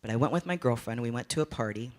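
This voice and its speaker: A woman's voice: rumbling low, animated, fast, a little mellow. A woman giving a candid, playful motivational talk, telling a story and acting out her own inner voice. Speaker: motivational speaker.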